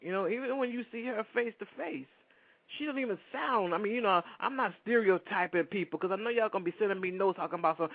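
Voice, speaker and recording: Guy hosting a radio show, kinda high voice, rambles and chats to the listeners, dry tinny phone-like sound. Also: fast talker, no room sound. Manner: rambling, chatty, addresses listeners directly. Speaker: radio host. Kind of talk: casual radio talk.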